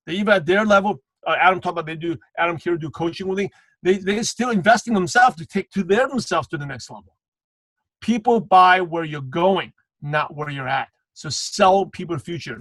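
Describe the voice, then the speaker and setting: A guest trainer leads a motivational sales training over a live video call, calling out viewers by name and repeating punchy slogans. His voice is high-pitched and a bit bright, in a dry recording with poor audio.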